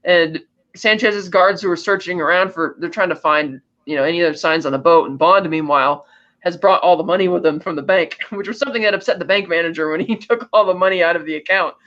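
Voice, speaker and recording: A man with a notably high voice runs through a film's story in a loose, casual recap. He tells it with animation and often trips and restarts mid-sentence. The audio is slightly muffled and lo-fi. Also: fast, a bit bright. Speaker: podcast co-host.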